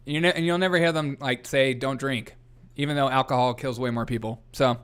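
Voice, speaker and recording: A man's voice: mid-range voice, fairly even intonation, brisk, fairly bright tone, smooth. A man hosting a casual comedy news livestream, rambling, laughing often and reading chat aloud. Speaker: host.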